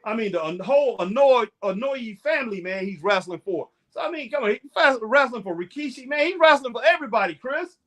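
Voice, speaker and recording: A man's voice: very high voice, expressive, brisk, hardly any pauses, a bit bright. A man co-hosting a casual chat about a live wrestling show. He laughs often and keeps saying "boy" and "man". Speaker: co-host.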